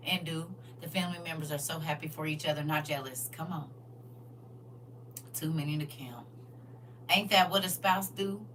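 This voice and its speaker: A woman hosting a livestream, chatting casually with her viewers in a churchy, testifying tone, expressive and laughing often. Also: sits low, distant mic, slight background noise. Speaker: livestream host reading viewer comments.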